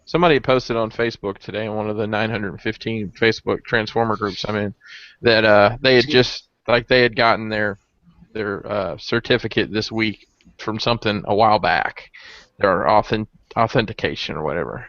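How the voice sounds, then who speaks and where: A man's voice: on the low side, normal speed, fairly bright tone, dry recording. A man hosting a casual collector chat, rambling with many restarts, over dull lo-fi stream audio. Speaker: podcast host.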